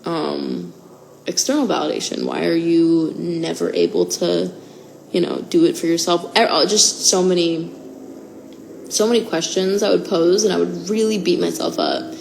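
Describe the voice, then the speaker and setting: A woman's voice: on the low side, expressive, normal speed, creaky, darkish tone, a little hiss or hum, rough recording. A young woman in her twenties talking candidly and emotionally to fans in a casual livestream, with many fillers. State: out of breath.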